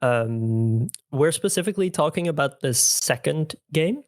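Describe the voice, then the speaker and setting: A man's voice: on the high side, animated, measured pace, dry recording, studio quality. A young man chatting on a podcast as returning guest host, rambling with many fillers. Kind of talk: casual podcast chat.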